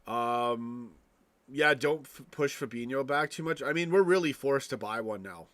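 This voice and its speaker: A man's voice: medium pitch, moderate pace, a bit bright. A man hosting a casual live stream, ranting with frequent swearing and restarts, tossing asides to his viewers. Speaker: fan channel live streamer.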